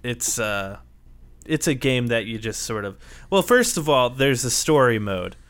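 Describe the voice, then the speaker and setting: A man co-hosting a podcast, talking in a measured, casual way with short pauses and fillers. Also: medium pitch, expressive, fairly bright tone, no echo. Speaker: podcast co-host. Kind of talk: casual chat.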